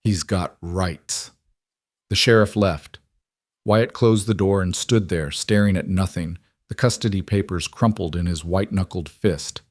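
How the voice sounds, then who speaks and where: A man narrating a scripted story in a steady, measured way. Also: low-pitched, no echo, clean studio sound.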